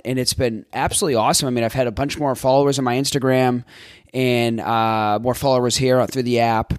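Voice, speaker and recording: Guy doing his podcast, chatty and joky, swears a bit, mid pitch, dry close sound. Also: dry recording. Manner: rambling, joking, swears casually, many restarts. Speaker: podcast host and life coach. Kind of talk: casual podcast monologue.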